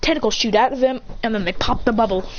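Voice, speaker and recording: A woman's voice: fairly high pitch, fast. A woman casually telling a homemade fan story, rambling and correcting herself as she goes. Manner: rambling, self-correcting, acts out quoted lines. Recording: dull lo-fi recording with faint noise.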